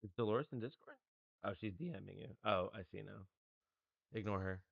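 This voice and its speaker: A man's voice: on the low side, normal speed, creaky, no echo. Rambling New man on a dull dry mic. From United States. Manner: rambling storyteller, restarts often. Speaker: streamer host. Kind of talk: casual chat.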